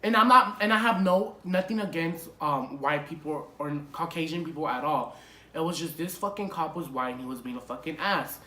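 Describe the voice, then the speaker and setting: Young male vlogger, casual and profane story time, sharp bright tone, roomy echo. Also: a little high, a little fast. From Los Angeles area.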